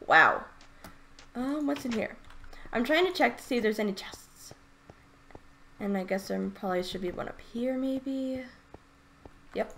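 A woman playing a video game and talking through it in casual commentary, excitable and gushing, often stammering and repeating herself. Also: a little high, unhurried, pauses often, a little hiss or hum. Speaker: let's play gamer.

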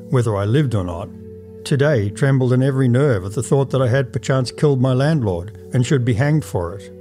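Male audiobook narrator, mellow, measured and formal, faint music under the reading. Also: medium pitch. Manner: measured, formal storytelling in first person.

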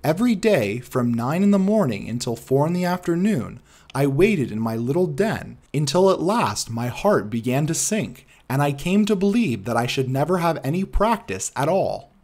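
A polite, earnest young engineer recounts his troubles, voiced by a male narrator. The delivery sits slightly high and moves lively through each sentence. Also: normal speed. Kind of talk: audiobook character reading.

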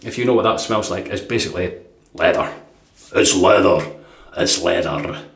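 A man's voice: low-pitched, normal speed, fairly bright tone. A Scottish man from Dundee chatting casually through a product review, rambling with fillers and chuckles. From Dundee, Scotland. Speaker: shaving vlogger. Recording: echoey room.

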